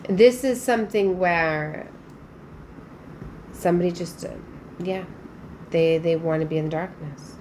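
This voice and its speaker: A woman's voice: on the low side, unhurried, pauses often, darkish tone, slight background noise. A woman giving a casual spiritual tarot reading, chatty and emphatic, with frequent fillers. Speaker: tarot reader.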